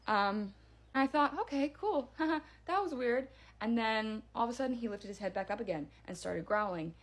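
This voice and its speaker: A young woman casually telling a spooky personal story to camera, animated and dropping to a hush at the eerie parts. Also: mid-range voice.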